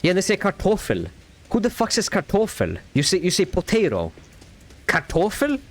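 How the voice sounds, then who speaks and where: A young Norwegian man streams a game into a desk mic. He talks in a fairly high voice with big swings in pitch, repeating himself and cursing bluntly. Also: normal speed. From Norway. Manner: animated, repetitive, blunt and crude. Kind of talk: casual gaming stream chat.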